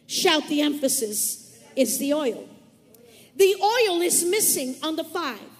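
Very high-voiced woman preaching in a hall. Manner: emphatic, repeats key words, calls on listeners to shout back. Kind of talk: sermon.

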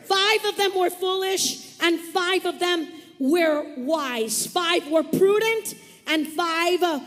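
Very high-voiced woman preaching in a hall. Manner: emphatic, repeats key words, calls on listeners to shout back. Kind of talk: sermon.

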